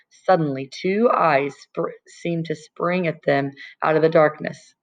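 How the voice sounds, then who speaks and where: A woman narrating a novel aloud as an audiobook reader, in a calm, even storytelling manner. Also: low-pitched, normal speed, few pauses, dull audio. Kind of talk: scripted narration.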